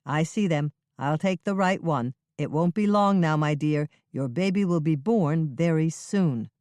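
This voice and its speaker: Narrator doing kindly older man, soft-spoken, soothing, audiobook, dry sound. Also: medium pitch, measured pace, no echo, natural voice. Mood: gentle. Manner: gentle, soothing. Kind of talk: audiobook reading.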